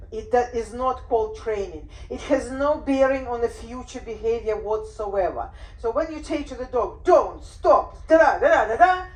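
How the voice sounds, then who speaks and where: Woman dog trainer, fairly high voice, roomy echo, animated. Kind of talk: workshop talk. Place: room on a cruise ship.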